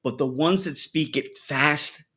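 Male talker, New York–New Jersey accent, animated storyteller, loose and profane. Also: fairly high pitch, a little slow. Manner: animated storyteller, swears freely. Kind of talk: casual storytelling chat.

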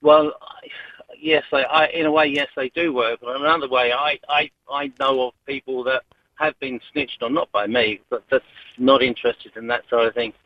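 A man's voice: mid-range voice, steady tone, moderate pace, no echo. A man calling in to a radio show, hesitant and restarting his sentences. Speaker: caller. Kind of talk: phone-in call. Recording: dull phone line.

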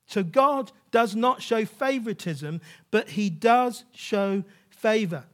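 Conversational preacher with a high voice. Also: male voice, expressive, takes it slowly, fairly bright tone. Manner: conversational, emphatic, checks in with "yeah?". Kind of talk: sermon.

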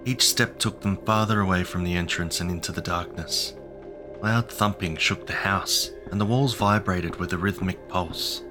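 Male horror narrator, deep, measured storytelling over a music bed.

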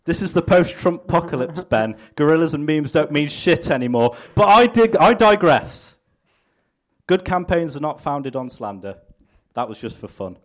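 A man performing a mock political campaign speech on stage, pompous and deadpan, and often breaking into laughter. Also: on the high side, moderate pace. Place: stage before a live audience.

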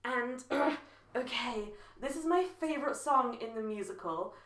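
A woman's voice: on the high side, a little slow, fairly bright tone. A woman co-hosting a podcast, chatting casually and animatedly, laughing often. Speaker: podcast co-host. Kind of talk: casual chat. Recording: echoey room.

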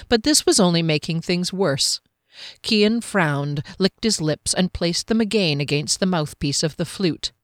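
A woman narrating a fantasy novel in a measured, expressive storytelling voice on a close mic. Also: sits low, dry recording. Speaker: audiobook narrator.

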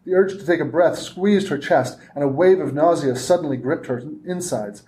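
A man, an author, reading his own fiction aloud with steady, measured narration at a convention reading. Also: on the high side.

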